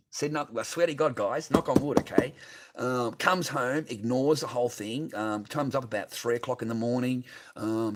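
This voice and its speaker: A middle-aged man with an Australian accent, ranting in a profane, repetitive, bitter monologue to his stream. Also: mid-range voice.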